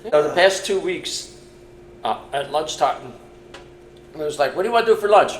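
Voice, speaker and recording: A man's voice: on the high side, animated, moderate pace. A man on a casual podcast telling everyday anecdotes in an easygoing, self-deprecating way. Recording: roomy with faint noise.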